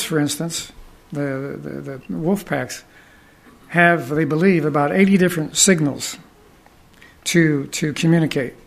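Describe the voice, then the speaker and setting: A man telling folksy, rambling anecdotes, pausing often and restarting his sentences as he goes. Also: fairly high pitch, vocal fry. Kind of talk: anecdotal storytelling talk.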